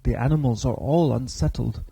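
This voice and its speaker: A man's voice: mid-range voice, normal speed, creaky, mellow, breathy edge, poor audio. A man voicing a shy young dwarf girl, a child, in an earnest and plain way. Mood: worried.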